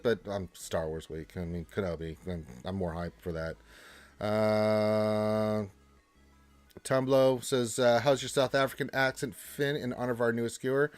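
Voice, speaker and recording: A man's voice: medium pitch, animated, moderate pace, no room sound. A man hosting a casual livestream, reading viewer questions and answering in a loose, chatty way with many fillers and restarts. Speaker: livestream host.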